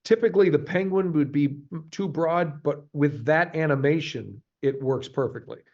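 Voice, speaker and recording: A voice actor being interviewed, talking in a halting, animated way in casual chat. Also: male voice, on the high side. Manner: animated, halting, jumps to quick voice demos. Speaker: voice actor guest. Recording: slightly muffled, lo-fi sound.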